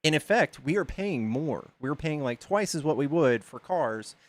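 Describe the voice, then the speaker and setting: A man's voice: on the high side, animated, moderate pace, no room sound. A man hosting a casual debate, arguing his points methodically with frequent fillers. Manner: reasoned, argumentative, many filler likes. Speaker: debate stream host.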